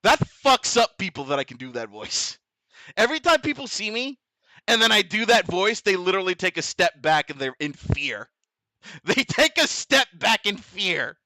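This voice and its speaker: A man hosting a casual stream chat, goofy and profane, his voice hoarse. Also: high-pitched, big pitch swings, moderate pace, bright, forceful tone, dry recording, clean studio sound. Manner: goofy, profane, laughs often. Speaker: vtuber host.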